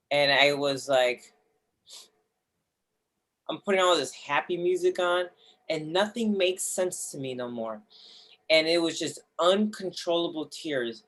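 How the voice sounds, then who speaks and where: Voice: medium pitch, fairly bright tone. A young adult guest telling a personal story candidly, with swearing, restarts and acted-out inner voices.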